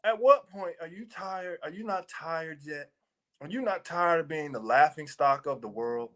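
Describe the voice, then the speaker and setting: A man's voice: fairly high pitch, normal speed, fairly bright tone. A man co-hosting a ministry podcast, talking casually but emphatically, with preachy rhetorical questions. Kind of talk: casual chat.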